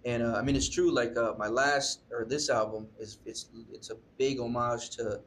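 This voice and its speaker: A man's voice: medium pitch, steady tone, normal speed, a bit bright, a little hiss or hum. A young man, a musician guest telling a story in a casual interview, rambling with lots of fillers and swearing. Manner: rambling, profane, filler-heavy.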